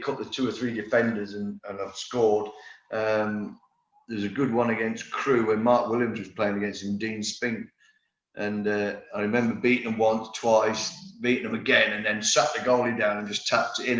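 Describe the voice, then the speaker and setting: A man in his fifties, a former footballer, telling rambling stories with restarts in a casual interview. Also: on the low side. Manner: lively storyteller, rambling with restarts. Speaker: former footballer, podcast guest. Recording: roomy, slightly dull recording.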